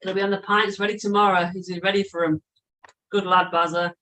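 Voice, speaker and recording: A woman's voice: mid-range voice, little pitch movement, fairly quick, sharp tone, distant mic, low-quality recording. A woman co-hosting a live chat stream, bubbly and greeting viewers by name. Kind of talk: casual chat.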